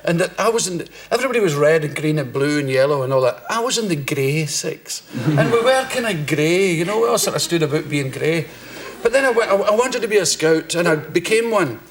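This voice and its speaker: Animated Scottish man spinning comic tales. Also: on the high side, fairly quick. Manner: laughs often mid-sentence, animated. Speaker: talk show guest. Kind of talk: comic storytelling anecdotes. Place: TV studio with live audience. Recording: studio audience laughing.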